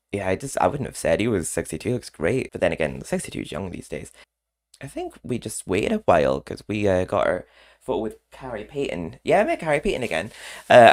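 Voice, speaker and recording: A man chatting casually in a rambling vlog, often laughing between remarks. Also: low voice. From Scotland. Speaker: vlogger. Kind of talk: casual chat.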